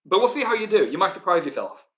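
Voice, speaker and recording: Bright-voiced Yorkshire quiz host. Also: male voice, high voice, big pitch swings, quick pace. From Yorkshire, England. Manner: chatty, reads out team names, laughs often. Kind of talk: live online quiz hosting.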